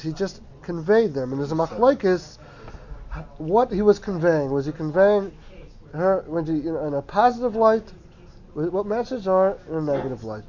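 A high-pitched man leads a Torah class and leans hard on certain words in a sing-song way. The recording is muffled and lo-fi, like a classroom taped on a cheap recorder. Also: darkish tone. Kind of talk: Talmudic lesson to a small class.

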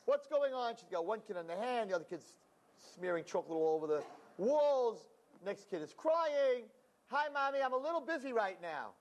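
A man's voice: very high voice, big pitch swings, moderate pace, pitched above the performer's own voice. A man voicing a harried young mother of four, flustered and apologetic. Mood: strained cheerful.

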